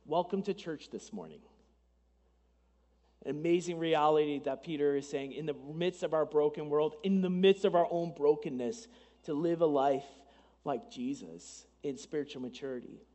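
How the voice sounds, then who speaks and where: A married man preaching a sermon as pastor, talking conversationally, with asides to the congregation and lively acted-out quotes. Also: a little high, normal speed, big-room sound. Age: adult, married.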